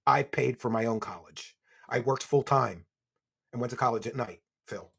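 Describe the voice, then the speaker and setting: A man's voice: mid-range voice, normal speed, vocal fry, fairly bright tone, slightly rough. A middle-aged man ranting in angry, insulting commentary, scornful and blunt. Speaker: commentary streamer.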